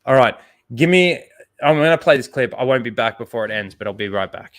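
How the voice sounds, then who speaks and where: A male livestream host who rambles and swears freely, apologizing as he fills time. His voice sits at a middle pitch, loose and unpolished. He talks from a desk at home. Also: lively intonation, a little fast. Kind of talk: casual livestream chat.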